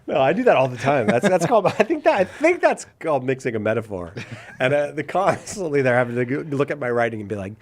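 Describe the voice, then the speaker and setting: A man's voice: medium pitch, sing-song, normal speed. A man hosting a live call-in talk show, chatting casually and joking about himself while reacting to viewer comments. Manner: joking, self-deprecating, reads viewer comments. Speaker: radio show host.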